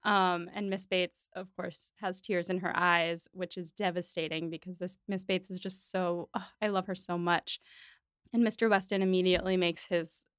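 A woman hosts a podcast in a relaxed, chatty way, slipping into little voices for the characters she quotes. Her voice is smooth and resonant, and it sounds dry and close to the mic. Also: on the low side, moderate pace, dry recording. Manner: animated, acts out quoted lines. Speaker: podcast host. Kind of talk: casual chat about a TV adaptation.

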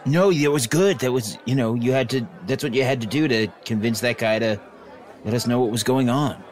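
A man playing a tabletop game who talks in a relaxed, rambling way, full of fillers like "like" and "you know". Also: medium pitch, fairly quick, a faint crowd. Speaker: player. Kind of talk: casual tabletop play.

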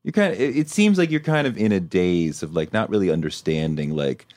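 A man with a very deep voice asks thoughtful, empathetic questions. He talks conversationally, with plenty of fillers. The recording is dry and close. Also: expressive, fairly quick, darkish tone, dry recording. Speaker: interviewer. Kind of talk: probing conversational interview.

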